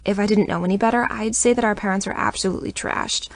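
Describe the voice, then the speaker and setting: A woman narrating a first-person romance audiobook in an intimate, expressive reading voice. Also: medium pitch, fast talker.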